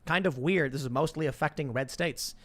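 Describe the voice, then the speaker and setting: Energetic man hosting a live show. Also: a little high. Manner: quick, energetic, reads viewer messages aloud. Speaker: show host. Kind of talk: casual live-show chat.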